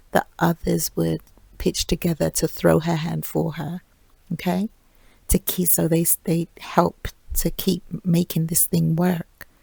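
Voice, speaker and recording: A woman hosting a reflective solo podcast, speaking softly and drifting into near-whispers with light laughs. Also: low-pitched, vocal fry, no room sound, low-quality recording. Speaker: podcast host.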